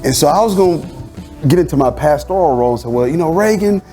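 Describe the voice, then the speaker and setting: Animated storytelling pastor, man. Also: fairly high pitch, fast, faint music behind. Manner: animated storyteller, acting out family dialogue with laughter. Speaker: pastor and host. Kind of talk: casual conversation.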